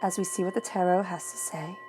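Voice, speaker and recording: A woman reading tarot, speaking slowly and soothingly through a guided meditation and repeating phrases while she shuffles. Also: fairly low pitch, steady tone, music in the background. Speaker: tarot reader.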